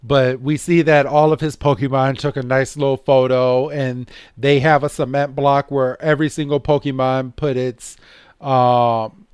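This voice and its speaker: Dude co-hosting a podcast, slow and halting, lots of ums, dry close sound. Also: male voice, mid-range voice, level tone, darkish tone, clean tone, dry recording. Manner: halting, full of fillers, laid-back. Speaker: podcast co-host. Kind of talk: casual recap chat.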